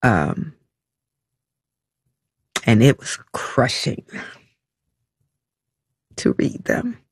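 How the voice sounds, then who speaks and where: A woman being interviewed, telling a personal story about her child in a halting, emotional way, full of restarts and fillers. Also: extremely low pitch, wildly swooping pitch, breathy edge, no room sound. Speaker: interview guest, mother.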